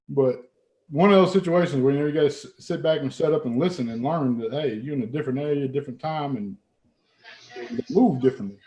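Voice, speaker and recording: A man's voice: fairly high pitch, fairly quick, long pauses, a little mellow, echoey room. A man hosting a casual late-night livestream, laid-back and profane, laughing often. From Texas. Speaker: livestream host.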